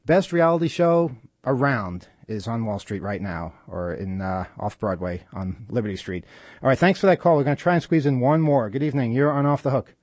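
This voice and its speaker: A man's voice: mid-range voice, animated, darkish tone, dry recording. Dry-voiced male radio call-in host. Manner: earnest, with frequent halting fillers. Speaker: radio talk show host. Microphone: studio microphone.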